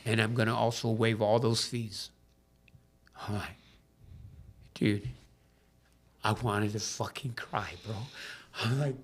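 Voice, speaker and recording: A man from Southern California in casual conversation, animated, swearing freely as he acts out both sides of a dialogue. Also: lowish voice, slow, pauses often. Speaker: podcast guest in recovery. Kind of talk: casual storytelling.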